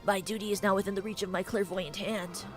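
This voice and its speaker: A woman reading out the lines of a huge, fat male monster guardian in a lowered, pompous and menacing voice while playing a game. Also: fairly even intonation, fast talker, over music, close to an everyday voice. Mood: gloating.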